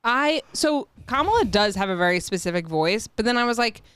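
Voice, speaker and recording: A woman co-hosts a relaxed podcast, chatty and quick to laugh at her own stories. Her voice is smooth and resonant. The sound is dry and close to the mic. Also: a little high, no room sound. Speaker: podcast co-host. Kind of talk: casual chat.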